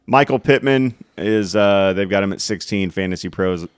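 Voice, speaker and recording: A man with a deep, low voice co-hosts a relaxed sports podcast. He jokes around and talks through numbers as he looks them up. The sound is close and dry. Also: moderate pace, smooth, no echo. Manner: joking, talks through stats aloud. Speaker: podcast co-host. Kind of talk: casual sports chat.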